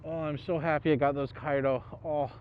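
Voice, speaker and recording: A man's voice: on the high side, flat delivery, a little fast. A man vlogging a rainy motorcycle trip in a loose, chatty way, swearing freely and talking to the camera while soaked and chilled. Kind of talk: casual vlog talk to camera. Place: outdoors on a motorcycle and inside a convenience store. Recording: dull lo-fi audio with wind and road noise.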